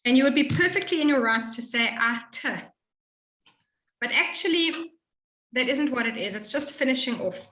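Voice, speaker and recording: A woman tutoring a student in Hebrew reading, explaining patiently and slowly modeling each sound. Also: high voice, expressive, bright, forceful tone, roomy sound, poor audio. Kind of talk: one-on-one reading lesson.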